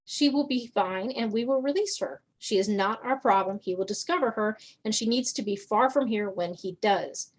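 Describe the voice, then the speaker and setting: A grave man who guards his people speaks in warnings, voiced by a woman reading her story. The voice sits rather high and serious. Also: moderate pace, few pauses, natural voice. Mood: stern. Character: stern male protector of his people.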